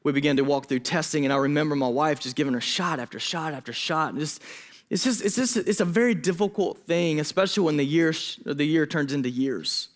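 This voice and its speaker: In a church hall, a student pastor in his thirties with a voice on the high side preaches a sermon, telling a personal story with emotion and quick asides.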